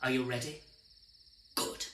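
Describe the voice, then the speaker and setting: A woman tells an interactive children's story, playful and theatrical, frequently speaking directly to the listener. Her voice is a little slow and a bit bright, with some hiss or hum, and the recording has a roomy echo with music behind it.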